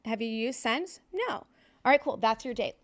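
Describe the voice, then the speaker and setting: A woman's voice: on the high side, expressive, moderate pace. A woman in her thirties from Southern California, telling her own recovery story on a podcast in a candid, blunt way with plenty of fillers. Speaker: podcast guest.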